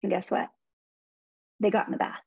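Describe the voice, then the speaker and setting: A woman's voice: normal speed, warm tone, no echo, dull audio. A woman in her forties, a guest in an interview, telling earnest stories about parenting and mindfulness. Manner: earnest storytelling. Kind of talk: conversational interview.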